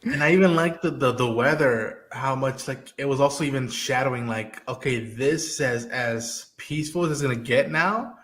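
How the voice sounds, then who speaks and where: A man hosting a casual show review, with a bright, forward tone. He rambles chattily and acts out quotes, filling gaps with "like". He sits close to the mic. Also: mid-range voice, normal speed. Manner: chatty, fills speech with "like" and acted-out quotes. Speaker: podcast host.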